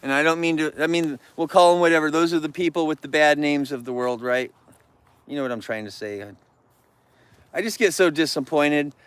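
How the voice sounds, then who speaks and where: A man's voice: fairly high pitch, a little fast, fairly bright tone, clear, resonant tone, no echo. A man live-streaming outdoors near bears, ranting about rude viewers and scolding the animals in a rambling chat.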